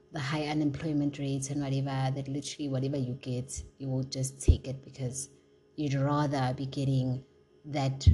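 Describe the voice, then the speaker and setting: A woman's voice: sits low, a little mellow, low-quality recording. A young South African woman venting in a casual, heated, profane vlog rant, switching between English and isiZulu. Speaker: vlogger.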